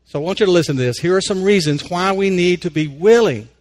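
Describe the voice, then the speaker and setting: A man with a notably high voice hosts a faith-based inspirational radio segment. He talks in an easygoing, conversational way, telling a story and then reflecting on it without hurrying. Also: animated, quick pace, darkish tone. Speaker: radio host and life coach.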